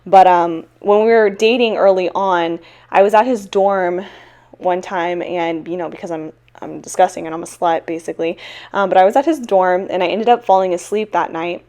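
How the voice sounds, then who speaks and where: A woman's voice: lowish voice, normal speed, darkish tone. Chatty young woman, self-mocking. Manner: chatty, self-deprecating, laughing often. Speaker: teacher and small-shop vlogger. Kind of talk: casual Q&A chat. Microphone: own mic.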